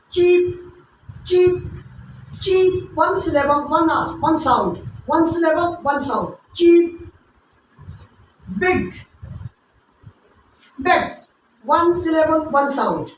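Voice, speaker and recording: High-voiced woman teaching grammar, repeats words slow, booming echoey room, mic far off. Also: lively intonation, slight background noise. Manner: repeats words slowly, syllable by syllable, switching into local languages to explain. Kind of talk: grammar lesson with pronunciation drills.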